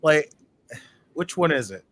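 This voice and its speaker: A man co-hosting a wrestling watch-along, reacting casually with frequent swearing and sudden loud outbursts. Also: a little high, lively intonation, unhurried.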